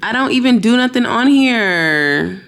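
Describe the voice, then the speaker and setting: A woman's voice: fairly high pitch, lively intonation, unhurried, a bit bright. A young woman vlogger chatting casually to camera from her bedroom, exasperated and ranting to her viewers. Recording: roomy echo.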